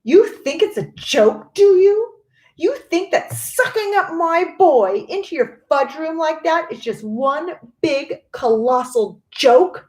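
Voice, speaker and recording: Woman doing a shrill furious mom, shrieking and indignant, high and swooping. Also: animated, slow, darkish tone, roomy sound, full character voice. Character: shrill furious mother, middle-aged woman.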